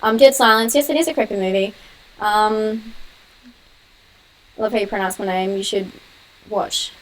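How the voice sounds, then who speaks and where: A young woman hosting a casual live-stream Q&A on her horror channel. She talks quickly, laughs often and answers viewers' comments. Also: mid-range voice, rough recording.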